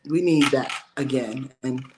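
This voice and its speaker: A woman in her forties, a comedian telling animated, bawdy stories and laughing often in a casual interview. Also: extremely low pitch, measured pace, background noise. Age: 40s. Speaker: comedian guest.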